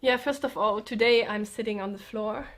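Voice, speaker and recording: A sick woman vlogger talking in a subdued, slightly sedated way, halting and restarting as she speaks from the floor at home. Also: a little high. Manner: halting, hesitant, with many restarts. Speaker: comedian and vlogger. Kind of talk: personal confessional vlog. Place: indoors, sitting on the floor with pillows.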